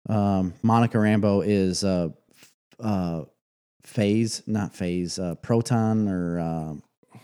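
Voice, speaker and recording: Man, podcast co-host, mellow low voice, joking banter. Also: slow pace, clean tone. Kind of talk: casual chat.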